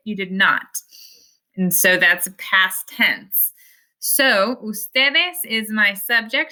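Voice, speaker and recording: A woman's voice: mid-range voice, sharp tone. A woman, teaching a recorded Spanish lesson over slides, explaining patiently step by step.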